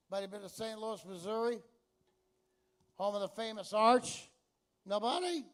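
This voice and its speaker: A man from Texas doing a stand-up comedy routine, brash and chatty, with crude punchlines. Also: sits high.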